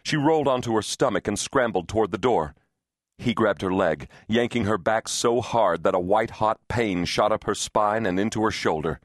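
Low-voiced man narrating a thriller. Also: normal speed, no room sound, clean studio sound. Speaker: audiobook narrator.

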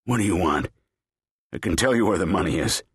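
A man's voice: sits low, lively intonation, brisk, slightly rough, no echo, studio quality, voice pushed up, heavily acted. A man voicing a terrified, frail old man of eighty-two who pleads and wails. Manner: pleading, wailing.

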